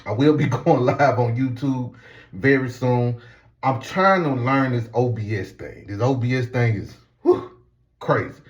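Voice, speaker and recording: Young male streamer, mid-pitched, casual, bossy moderator. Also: measured pace, muffled recording. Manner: relaxed and rambling alone, loud and commanding when moderating. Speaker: live-stream host. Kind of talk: casual live-stream talk.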